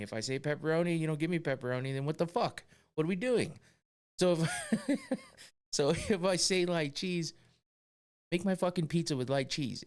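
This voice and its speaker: Man, casual podcast talk, exasperated, profane, mid-pitched voice. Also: expressive, normal speed. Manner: profane, exasperated ranting with frequent laughs. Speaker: podcast host.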